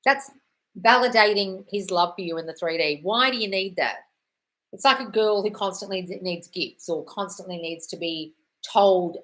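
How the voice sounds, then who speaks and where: A woman with a slightly low-pitched voice hosts a live question-and-answer stream. She answers viewer comments in an effusive, frank way and calls everyone darling. Now and then she breaks into a sweary, squealing burst of praise. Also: bright, forceful tone, poor audio. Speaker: manifestation coach host.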